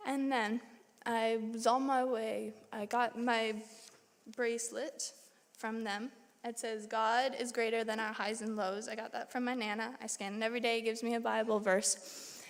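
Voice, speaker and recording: A young woman giving a personal testimony in church, telling her story in a lively way and acting out her own reactions. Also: a little high, moderate pace, creaky. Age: young adult. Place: church sanctuary. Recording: long church hall reverb.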